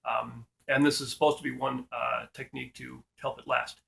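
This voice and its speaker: Middle-aged male host, heavy gravel in the voice, easygoing how-to delivery with lots of "uh"s. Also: mid-range voice, moderate pace. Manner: relaxed, with frequent fillers and restarts. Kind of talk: casual instructional talk.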